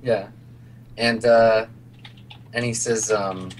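A man's voice: medium pitch, normal speed, a bit bright, slight background noise. A man running a tabletop role-playing game as game master, describing scenes in a loose, filler-heavy way.

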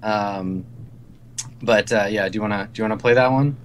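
A man's voice: fairly low pitch, normal speed, slight background noise. A man as game master, narrating a tabletop game loosely with many fillers, over a video call.

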